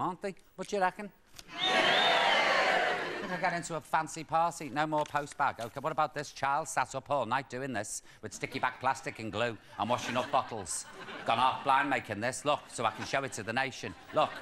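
Camp man with a Liverpool accent. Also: mid-range voice. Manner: camp, quick asides, laughing at himself. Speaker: chat show host. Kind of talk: camp comic chat to a studio audience. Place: TV studio with live audience. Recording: studio noise with a loud audience.

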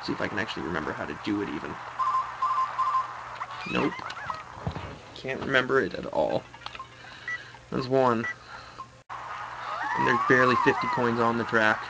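A man's voice: mid-range voice, huge pitch swings, unhurried, vocal fry, long pauses, very noisy. A man hosting a let's play video, giving gameplay commentary and swearing and ranting at the game. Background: game music.

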